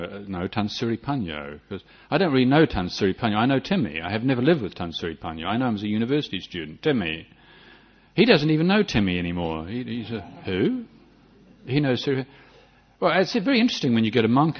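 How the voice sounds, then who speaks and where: An older man, a Buddhist monk giving a reflective dharma talk with frequent restarts and light humor. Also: on the low side. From New Zealand. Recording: dull lo-fi recording.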